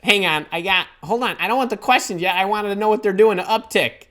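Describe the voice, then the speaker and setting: A middle-aged man hosting a live career advice stream from home, talking in an excitable, scattered way as he reads the chat. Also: high voice, quick pace. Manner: energetic, excitable, scattered while reading chat. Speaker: host.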